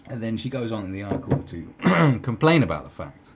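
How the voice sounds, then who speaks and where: Man, very low voice, sarcastic, rambling commentary, faint background hiss. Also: very animated, a little fast. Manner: rambling, sarcastic, many fillers. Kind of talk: casual opinion commentary.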